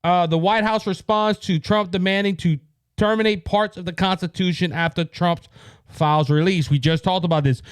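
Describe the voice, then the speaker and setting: Cajun podcast host, male, high smooth voice, heated rants, dry close mic. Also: no room sound. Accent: Cajun Louisiana. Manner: heated, repetitive, rising to exasperation. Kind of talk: political commentary podcast.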